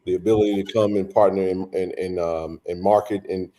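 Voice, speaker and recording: Man hosting a casual stream; low, mellow voice; loose, rambling delivery. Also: steady tone, fairly quick. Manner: rambling, frequent restarts and fillers. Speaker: host. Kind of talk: casual livestream chat.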